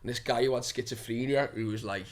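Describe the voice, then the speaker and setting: A man's voice: mid-range voice, quick pace. A young man, an actor telling stories in a casual, swear-filled way and laughing as he goes. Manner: swears freely, laughs through his stories. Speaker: actor guest. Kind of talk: casual storytelling.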